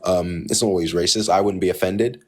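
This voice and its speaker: Insistent male debate host from Nigeria, low voice, argues over callers. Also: fairly even intonation, a little fast, darkish tone. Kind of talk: livestream debate.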